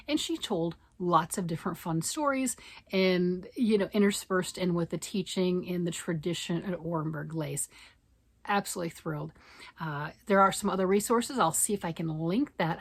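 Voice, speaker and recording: A woman's voice: fairly low pitch, husky. Chatty middle-aged woman vlogger. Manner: chatty, enthusiastic, with many fillers and restarts. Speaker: knitting vlogger. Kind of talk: casual chat to camera.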